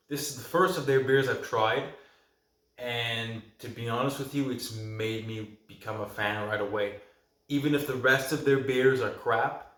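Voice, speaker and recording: A man's voice: medium pitch, fairly bright tone. A man hosting a casual video review, talking loosely to camera in a rambling, chatty way from a room at home. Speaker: vlog host reviewing films and beer. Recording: echoey room.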